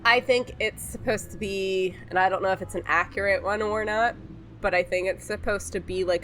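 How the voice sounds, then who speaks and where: A woman's voice: fairly low pitch, fairly bright tone, a little hiss or hum. A woman casually commenting while playing a game, musing aloud and second-guessing herself. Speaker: game streamer. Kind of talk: casual commentary over gameplay.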